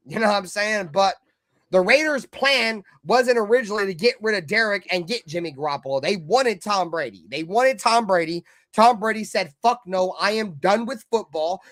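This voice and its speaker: Fan-show co-host, man, high voice, profane rants that swing loud to muttered. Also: dry recording, clean studio sound. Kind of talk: heated live-stream sports talk.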